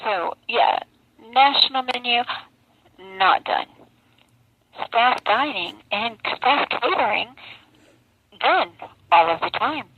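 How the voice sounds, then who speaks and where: Woman, slow tired delivery, sore toothless mouth, muffled low-fi phone audio. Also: lively intonation, husky, dry recording. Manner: slow, weary, close to tears. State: sore mouth, missing teeth. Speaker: incarnated woman speaking out. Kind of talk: emotional live video testimony. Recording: dull lo-fi phone video with faint noise.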